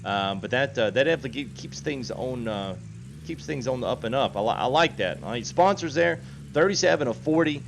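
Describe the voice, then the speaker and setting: Man hosting a game stream, lively up-and-down voice, game noise behind him. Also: mid-range voice, fairly quick, vocal fry. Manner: chatty, laughs often, reads chat aloud. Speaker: gaming livestream host. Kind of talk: casual livestream chat.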